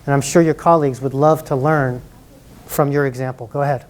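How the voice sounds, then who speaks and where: A man's voice: medium pitch, steady tone, a little fast. A man presenting a live college workshop to an audience, chatty and encouraging, often laughing.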